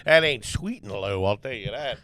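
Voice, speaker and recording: A man co-hosting a podcast, telling a profane, animated story full of quoted voices in casual chat. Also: on the low side, moderate pace. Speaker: podcast co-host.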